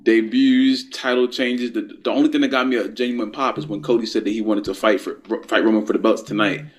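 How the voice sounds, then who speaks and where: A man's voice: lowish voice, steady tone, brisk. A man co-hosting a wrestling chat, stammering and repeating himself, sounding deflated. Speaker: wrestling podcast co-host. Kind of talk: casual chat.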